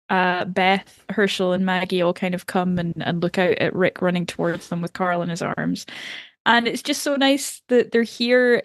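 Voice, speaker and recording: A woman's voice: medium pitch, dry recording. Woman co-host, casual TV recap chat, laughs easily, dry close mic. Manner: enthusiastic, laughs often, acts out quotes. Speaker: podcast co-host.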